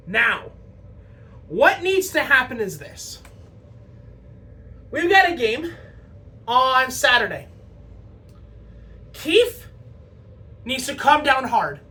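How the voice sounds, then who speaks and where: A woman's voice: high voice, sing-song, very slow, pauses often, bright, forceful tone. A woman hosting a fan show, delivering an impassioned, scolding post-game rant with profanity. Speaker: podcast host.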